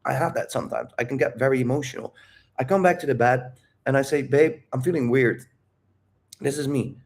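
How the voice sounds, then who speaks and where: A man's voice: mid-range voice, fast, gravelly. A man talking candidly about dating and his emotions, rambling and calling the listener "dude". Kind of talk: casual talk.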